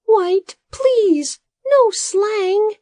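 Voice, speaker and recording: Woman doing Bodo, a squeaky jittery animal helper. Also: animated, extremely slow, warm tone, no room sound, clean studio sound, heavily acted. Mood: pleading. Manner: anxious, pleading. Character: nervous small hopping animal assistant, male.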